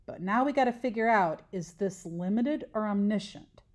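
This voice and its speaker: A woman's voice: medium pitch, expressive, normal speed. A woman teacher giving a recorded lesson, patiently explaining step by step and asking questions that she then answers herself.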